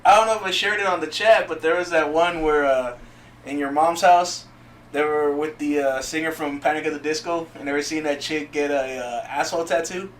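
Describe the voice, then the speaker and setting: Animated high-voiced man, echoey off-mic. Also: fairly quick, a little hiss or hum. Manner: animated, acts out voices in anecdotes. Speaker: podcast co-host. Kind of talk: casual storytelling chat. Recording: echoey, off-mic room sound.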